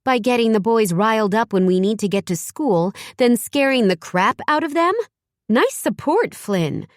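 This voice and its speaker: A woman's voice: mid-range voice, animated, unhurried, no echo, clean studio sound, pitched above the performer's own voice, lightly acted. A woman voicing a protective single mother who speaks firmly and scolds. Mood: angry. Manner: firm, scolding.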